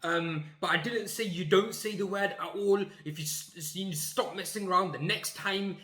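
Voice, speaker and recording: Man doing a strict female teacher, sharp scolding tone, higher-pitched and bright, echoey room. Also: normal speed.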